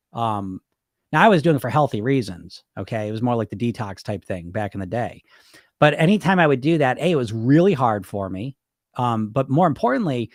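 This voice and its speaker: A man's voice: mid-range voice, no room sound, studio quality. A middle-aged man, a weight loss coach hosting a podcast, talking casually and acting out his inner voices. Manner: animated, acts out his inner voices in dialogue; conversational, frequent "right?" and "you know?". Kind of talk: casual live-stream advice talk.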